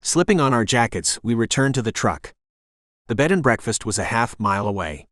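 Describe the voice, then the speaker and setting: A male audiobook narrator reading a first-person romance in a steady, measured way. His voice is middle in pitch and sits dry and close to the mic with no room at all. The delivery is even and clear. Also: no echo. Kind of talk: scripted narration.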